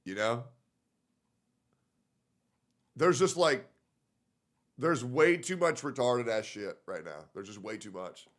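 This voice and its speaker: A man's voice: medium pitch, unhurried. A young man streaming in casual commentary, reacting to posts in a profane, filler-heavy, muttering way.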